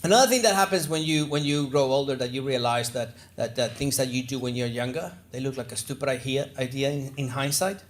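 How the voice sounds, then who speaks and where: A man from Venezuela, doing animated, profane stand-up comedy on a stage. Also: medium pitch, brisk, few pauses.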